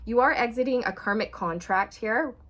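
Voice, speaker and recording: A woman doing a channeled tarot reading for viewers, chatty and expressive. She acts out quoted feelings with big swings, then drops soft and low for emotional parts. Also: normal speed. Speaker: tarot reader.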